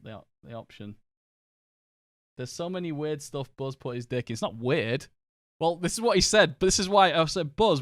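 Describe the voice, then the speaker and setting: A man's voice: mid-range voice, no room sound. Dry, chatty Northern English man. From England. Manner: chatty, rambling, quick to laugh and swear. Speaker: streamer. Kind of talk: casual live-stream chat while gaming.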